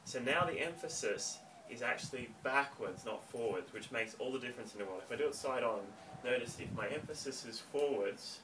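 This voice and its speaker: A man teaching a home dance lesson, counting beats and giving clear step-by-step instructions. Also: mid-range voice, animated, a little fast, few pauses, fairly bright tone. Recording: distant mic, faint room noise.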